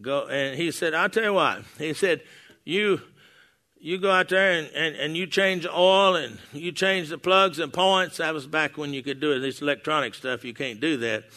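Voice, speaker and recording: An older man preaching to his congregation in a folksy, storytelling way, stumbling and restarting as he goes. His voice is very bright and somewhat high for a man. He wears a clip-on mic in a church hall. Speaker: pastor. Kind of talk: sermon. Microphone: wearing a lapel mic.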